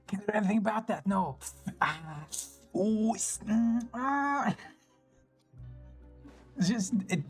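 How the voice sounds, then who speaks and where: A streamer casually commenting on a game, swearing and joking at the characters. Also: medium pitch.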